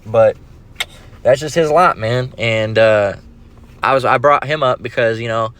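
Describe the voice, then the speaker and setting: A man's voice: medium pitch, a little slow, a bit bright, clear, resonant tone. A man giving a casual, rambling religious lesson, with many restarts and street slang. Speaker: religious teacher.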